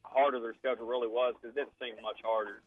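A man's voice: mid-range voice, flat delivery, fast talker, slightly rough. A man calling a sports radio show, asking an easygoing, curious question. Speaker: caller. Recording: tinny phone line.

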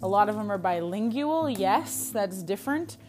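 A woman's voice: mid-range voice, animated, moderate pace. A young Canadian woman hosting a solo audio diary podcast, chatty and blunt, often mocking herself. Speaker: podcast host. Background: music.

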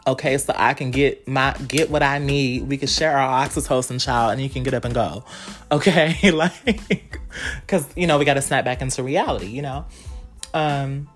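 A woman's voice: very deep voice, moderate pace, soft background music. A young woman hosting a podcast, talking candidly and explicitly in casual slang and speaking straight to her listeners. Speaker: podcast host.

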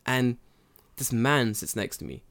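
Man, casual chat, mid-pitched voice, laid-back, wry, swears. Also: expressive, unhurried, fairly bright tone.

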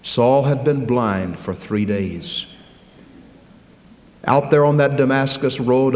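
Male preacher, mid-pitch, dynamic sermon delivery, reverberant church hall. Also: a little hiss or hum. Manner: swings from loud high preaching to low slow quiet tones. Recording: echoey hall, long reverb.

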